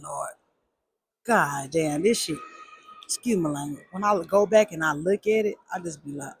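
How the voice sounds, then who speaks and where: A woman telling a personal story in a casual, animated way, with emphatic repeats and slang. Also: mid-range voice, normal speed, breathy edge, no room sound.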